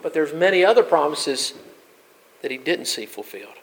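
A man preaching a sermon as pastor, building emphatic peaks and dropping to soft asides. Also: on the high side, sing-song, moderate pace, low-quality recording.

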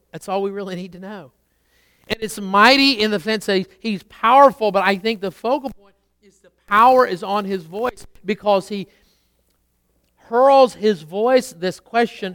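A man preaching a sermon, rising to strong emphasis and dropping to quiet asides. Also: sits high, clear, resonant tone, no echo. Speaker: pastor.

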